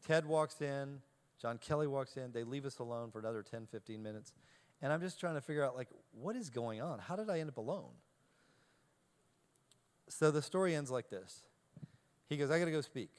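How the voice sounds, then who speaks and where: Animated man telling a funny story. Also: medium pitch, fairly quick. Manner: animated storyteller, self-deprecating, acts out dialogue. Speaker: keynote speaker. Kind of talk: humorous anecdote told to a live audience.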